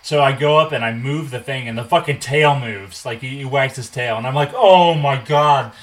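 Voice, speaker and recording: A man in his twenties telling a casual, animated story, swearing and acting out what people said. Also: medium pitch, fairly quick, rough recording. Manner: animated, swears, acts out quotes.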